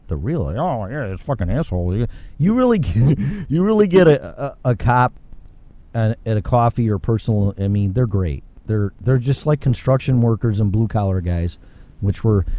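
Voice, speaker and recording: A man's voice: fairly low pitch, mellow. A man hosting his own talk show, ranting alone in a blunt, profane way, often repeating words and restarting sentences, and growing heated and emphatic at times. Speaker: podcast host. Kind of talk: casual ranting monologue.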